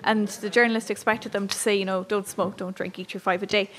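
A woman's voice: mid-range voice, flat delivery, a little fast. An Irish woman, creator of a community project, explaining it earnestly on radio. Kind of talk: radio chat.

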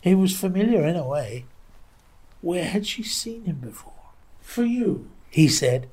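A woman narrating a children's story aloud in a lively, expressive way. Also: on the low side, moderate pace, slightly rough. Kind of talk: storybook reading.

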